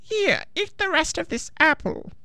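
A storyteller voicing a half-deaf, scheming old witch with a croaking, very high voice. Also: expressive, unhurried, pushed and bright, dry recording, heavily acted.

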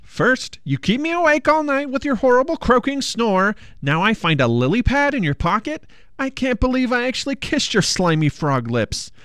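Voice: medium pitch, sing-song, normal speed, few pauses, fairly bright tone, no room sound, clean studio sound. A storyteller voicing a fed-up young princess who nags and complains. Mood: nagging. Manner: nagging, exasperated.

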